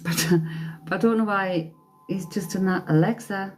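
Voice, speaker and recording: A woman's voice: mid-range voice, normal speed, soft background music. A woman working as a psychic medium on a live stream, chatting with viewers and relaying messages, laughing often. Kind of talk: live-stream spirit reading. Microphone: phone or webcam for a live stream.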